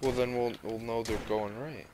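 A young man chatting casually over a headset while playing an online shooter, excitable, swearing and trash-talking. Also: medium pitch, moderate pace, a little hiss or hum. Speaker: gamer. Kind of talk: casual gaming chat.

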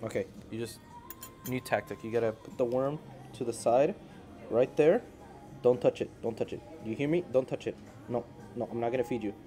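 A man vlogging in an indoor animal cafe, talking into a handheld phone and coaxing the animals in an excited, playful voice. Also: mid-range voice, fairly quick, faint music behind. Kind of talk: casual vlog talk. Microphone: handheld phone camera.

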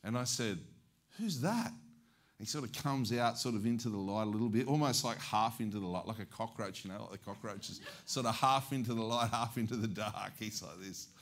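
A man with an Australian accent preaching as an evangelist, telling stories in a lively way and acting out the dialogue. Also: on the low side, fairly quick, few pauses. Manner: animated, acts out dialogue. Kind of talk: storytelling sermon.

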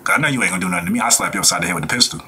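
A man hosting a reaction video, talking in a rambling, animated way and often laughing. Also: fairly low pitch, racing, creaky, a little hiss or hum. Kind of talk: casual reaction commentary.

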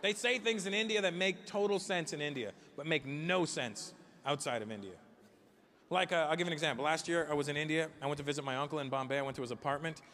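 High-voiced sarcastic male stand-up comedian. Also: fast talker, long reverb tail. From North America. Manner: sarcastic, animated storytelling. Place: comedy stage. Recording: noisy live stage recording.

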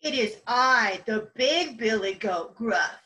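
A woman's voice: a little high, expressive, takes it slowly, sharp tone, far from the mic, exaggerated voice. A woman voicing the big billy goat, defiantly daring the troll in a storybook reading.

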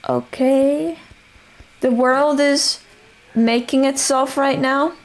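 Young woman gamer, hoarse, gravelly fry, rambling self-narration. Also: sits high, fairly even intonation, takes it slowly. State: voice going hoarse. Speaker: streamer playing a survival game. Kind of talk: casual live-stream chatter.

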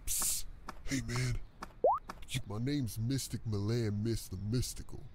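A man's voice: medium pitch, fairly even intonation, a little slow, heavy background noise, lightly acted. A man doing a slangy street psychic. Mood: hustling. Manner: slangy, laid-back hustler talk. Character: hustling streetwise male psychic fortune teller. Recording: game audio with loud music behind.

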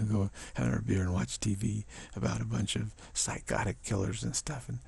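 Gravelly, husky man giving a halting spiritual talk. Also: lowish voice, fairly even intonation, darkish tone, no room sound. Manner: halting, stammers and repeats words. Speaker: spiritual teacher.

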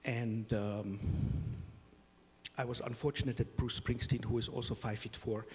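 With big-room sound, a middle-aged man hosting a conference in its hall opens by telling humorous stories that poke fun at himself and his family. He speaks unhurriedly in a mid-range voice with little pitch movement.

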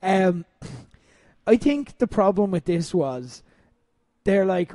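Young Irish male podcast host with a high voice: animated, sweary storyteller, recorded dry and close. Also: a little slow, no room sound. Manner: animated storyteller, swears freely, laughs often. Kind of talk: casual comedic podcast talk.

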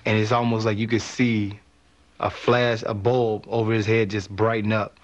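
A man's voice: lowish voice, little pitch movement, normal speed, muffled recording. A man in an interview recalling how he watched the quarterback read his defense. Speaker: defensive player recalling a game. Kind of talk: interview recollection.

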